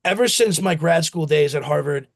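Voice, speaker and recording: Speaking at a moderate pace with vocal fry and a fairly high voice, a US company founder wanders through stories during a casual interview, dramatizing quotes from his family along the way.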